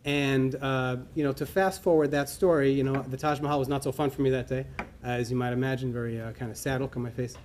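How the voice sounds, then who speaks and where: A middle-aged man telling a personal story to a conference audience, acting out the dialogue in an animated way. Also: mid-range voice, fast, slight background noise. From New York. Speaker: conference speaker. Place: conference hall.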